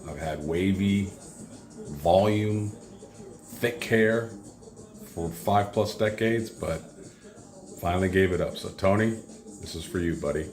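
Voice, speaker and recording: A man in his fifties in a recorded message, speaking in a slow, wry, self-deprecating way. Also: deep voice, darkish tone. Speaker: show regular sending a recorded message.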